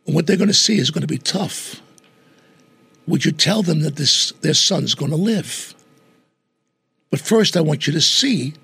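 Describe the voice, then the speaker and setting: A gravelly older man tells a story in an animated way, taking on the voices of the people in it. His voice is strongly raspy and pitched a little high for a man. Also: no room sound. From New York. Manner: animated storyteller who acts out quoted voices. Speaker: guest entertainer. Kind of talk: storytelling in conversation.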